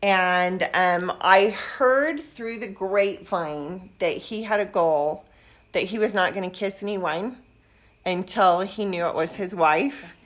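In a relaxed interview, an older grandmother with a medium-pitched voice shares stories from when she was young at a slow pace. She tells them with liveliness and acts out snippets of dialogue.

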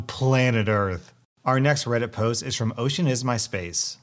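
A man narrating online stories aloud in a scripted, expressive way. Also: mid-range voice, measured pace, few pauses.

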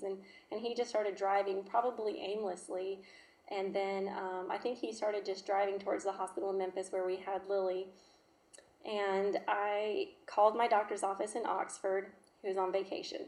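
A woman, telling a personal testimony in an emotional, halting way. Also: mid-range voice, flat delivery, a little mellow. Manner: emotional, halting, with fillers and restarts. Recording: echoey room.

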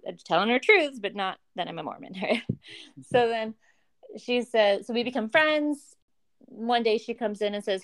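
A woman's voice: medium pitch, moderate pace. A woman telling a long personal story in casual conversation, acting out the voices of the people she quotes and laughing now and then. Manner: animated, acts out quoted voices, laughs often. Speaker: guest.

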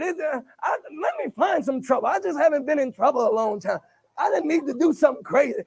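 A man preaching a sermon swings between shouted bursts and hushed asides, stuttering on repeated words and calling for replies. His voice is very high and expressive, at a moderate pace.

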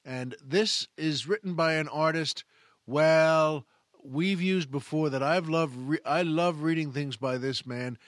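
A man who is a comic, hosting a show with a folksy, repetitive, drawn-out monologue. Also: a little high, dry recording, studio quality. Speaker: podcast host and stand-up comic. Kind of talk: comedic monologue.

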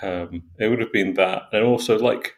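A man's voice: lowish voice, normal speed. A middle-aged man co-hosting a podcast, chatting casually and hesitantly, full of fillers as he searches for words. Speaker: podcast co-host. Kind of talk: casual chat.

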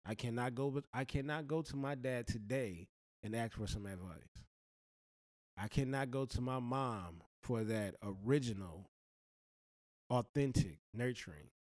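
A man talks straight to his listener with blunt, slangy, heartfelt advice. His pitch sits in the middle of the range, and he speaks with an earnest weight. The recording is dry, with no room sound. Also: moderate pace, darkish tone, no echo. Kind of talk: direct-to-camera life advice monologue.

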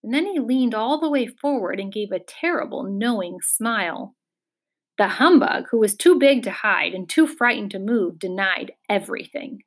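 A woman narrating a storybook chapter with measured, expressive pacing. Her voice sits slightly above the usual for a woman, clear and even. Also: on the high side. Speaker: audiobook narrator. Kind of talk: scripted narration.

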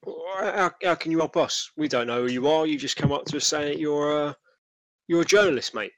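A man's voice: on the high side, brisk, dry recording, voice pushed up, lightly acted, rough recording. A man doing a cocky older stall worker. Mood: gruff. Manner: blunt, cocky, says mate a lot.

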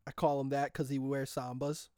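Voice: medium pitch, little pitch movement, moderate pace, a little mellow, no room sound, studio quality. A young adult from the United States telling a rambling story in a casual monologue, laughing often and drifting off topic. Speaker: vlogger.

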